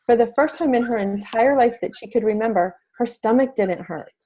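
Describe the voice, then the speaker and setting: A little high and a little fast, mellow in tone, this middle-aged woman is heard on a rough recording. She's a parent advocate giving an earnest, talkative interview full of restarts.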